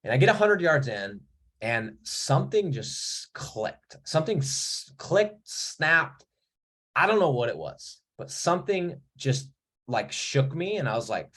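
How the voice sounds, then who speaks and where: A man's voice: mid-range voice, very animated, normal speed, fairly bright tone, breathy edge. A man in his thirties giving a blunt, profane motivational talk to his viewers, telling a story with rising emphasis. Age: 30s. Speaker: mentor. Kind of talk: casual motivational talk to camera.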